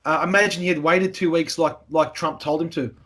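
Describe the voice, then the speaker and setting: A man's voice: a little high, fairly even intonation, a little fast, fairly bright tone. A man with an Australian accent hosting a casual podcast, joking in a matey way and swearing freely. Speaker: podcast host.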